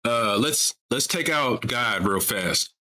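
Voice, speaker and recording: A man's voice: medium pitch, animated, slow pace, sharp tone, slight background noise. A man hosting a live call-in stream about religion, talking casually and pressing his audience with repeated rhetorical questions. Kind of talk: casual livestream talk.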